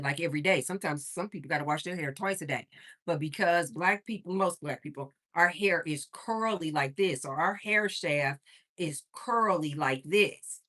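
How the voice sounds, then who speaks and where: A woman hosting a casual livestream chats to her viewers with animated storytelling. Her voice sits fairly low but comes across bright and forceful. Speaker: livestream host.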